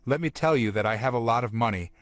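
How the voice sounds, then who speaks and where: A man's voice: medium pitch, fast talker, no echo, natural voice. A blunt young man from a comic tale snaps back with curt scorn, as a narrator reads him. The sound is dry and near, with faint music underneath. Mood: scornful.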